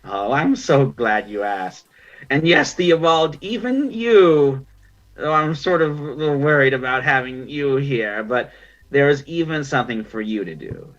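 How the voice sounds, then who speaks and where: A man's voice: mid-range voice, sing-song, a little slow, fairly bright tone, pitched above the performer's own voice. A man voicing an ancient, gap-toothed female otter who rules as pirate queen, speaking in a gracious, grand manner. The audio is dull and lo-fi.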